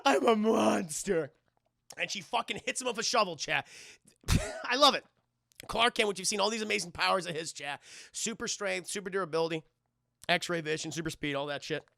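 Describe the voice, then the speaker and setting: Young man, streamer, profane animated recap, gravelly, bright, dry close mic. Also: sits high, a little fast, no room sound. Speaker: streamer reviewing a TV episode. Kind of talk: casual chat to a live chat.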